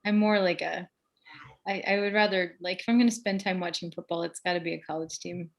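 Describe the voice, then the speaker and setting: A woman's voice: fairly low pitch, fairly even intonation, fairly quick. Friendly Midwestern woman guest. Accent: Midwestern American. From Missouri. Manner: friendly, giggly, easygoing. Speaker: podcast guest. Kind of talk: casual interview chat. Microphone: video call.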